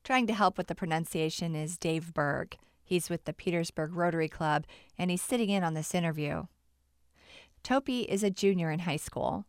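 A woman's voice: on the low side, moderate pace, smooth, dry recording. A woman radio interviewer who reads scripted narration and asks plain, curious questions.

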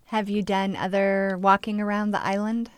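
A woman's voice: mid-range voice, level tone, moderate pace, clean tone, no room sound. A woman radio interviewer who reads scripted narration and asks plain, curious questions.

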